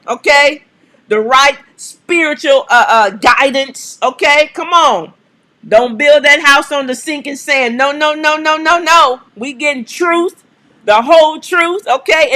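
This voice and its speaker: Bright-voiced woman preaching on a live stream. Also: high-pitched, unhurried. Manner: emphatic, repeats "okay?" and "come on", coaxing the audience; preacherly call-and-response cadence. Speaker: live-stream host answering viewer questions.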